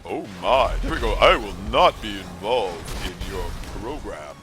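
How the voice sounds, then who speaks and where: Man impersonating a grave, low-voiced alien officer, slow and deliberate, game stream. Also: very animated, a bit bright, soft background music. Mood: stiff. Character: solemn deep-voiced alien officer quoting lines.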